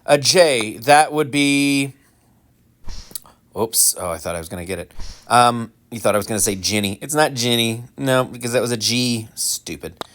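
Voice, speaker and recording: Speaking at normal speed in a mid-range voice, a gaming channel host gives loose, rambling commentary while playing, with lots of ums, restarts, and lively mock-indignant asides.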